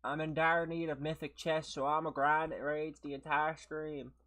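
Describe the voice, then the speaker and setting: A young adult game streamer chatting casually with viewers while playing, a little hoarse after being sick, laughing often and greeting people by name. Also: medium pitch, flat delivery, moderate pace, fairly bright tone. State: slightly hoarse from a recent illness. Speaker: gaming livestreamer.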